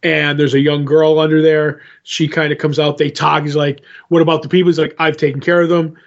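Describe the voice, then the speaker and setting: Higher-voiced man rambling through a recap. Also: flat delivery, brisk. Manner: rambling retelling, acts out quotes with "he's like". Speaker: podcast co-host. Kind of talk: casual comic book recap. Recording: dull lo-fi podcast audio.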